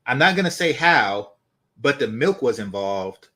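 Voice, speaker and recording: A man's voice: mid-range voice, very animated, a little slow, sharp tone. A man hosting a dating commentary channel, talking casually with blunt, dismissive swearing.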